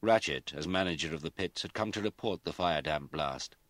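A man with a very deep voice reads a novel aloud in scripted narration. His delivery is measured and even. The sound is dry and close. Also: dry recording. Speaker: audiobook narrator.

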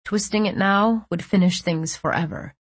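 A woman reading first-person fiction aloud, with tense and measured storytelling. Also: mid-range voice, breathy edge, no echo. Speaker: audiobook narrator.

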